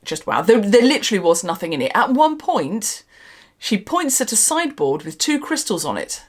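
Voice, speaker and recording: A woman's voice: medium pitch, moderate pace, slightly rough. Woman vlogger ranting, sarcastic and sweary, voice bouncing all over the place. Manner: animated, emphatic delivery. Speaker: channel host. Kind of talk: ranting commentary vlog.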